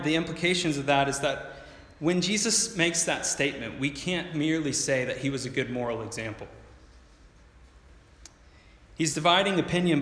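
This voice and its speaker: A man's voice: on the high side, a bit bright, echoey room, in a large hall. A man preaching a sermon as pastor, explaining earnestly and building up to emphatic points.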